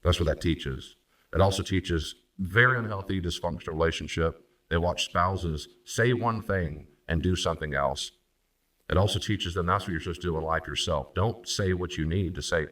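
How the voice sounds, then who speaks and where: Deep-voiced pastor. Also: male voice, a bit bright, far from the mic. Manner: acts out spouses' lines in quick shifting voices. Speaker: pastor and counselor. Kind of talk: recorded teaching talk on marriage.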